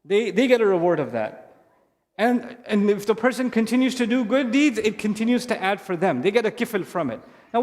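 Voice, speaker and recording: A man giving an earnest, conversational Islamic talk on stage to families, repeating key phrases for emphasis. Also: extremely high pitch. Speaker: Islamic speaker addressing families. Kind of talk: live lecture to an audience. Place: stage in a large hall. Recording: long hall reverb from a live event.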